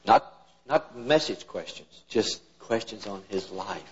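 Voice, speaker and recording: A man's voice: lowish voice, expressive, takes it slowly, a little hiss or hum. An older man, preaching in a folksy, plain-spoken storytelling style and acting out his father's words. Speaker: preacher telling stories about his father. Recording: dull lo-fi church recording.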